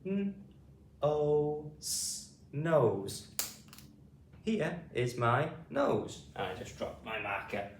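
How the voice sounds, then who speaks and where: A man with a British accent teaching a phonics lesson, saying each sound slowly and spelling it out letter by letter. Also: mid-range voice, very animated. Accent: British English. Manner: slow, deliberate, repeats sounds and spells them out. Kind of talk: slow classroom phonics lesson. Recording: roomy sound from a distant mic, faint hiss.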